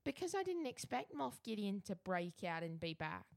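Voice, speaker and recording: Female co-host, playful and loose, mid-pitched; dry, close recording. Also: big pitch swings, gravelly, no room sound. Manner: playful, quick to laugh, dramatic mock outro. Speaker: podcast co-host. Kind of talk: casual banter.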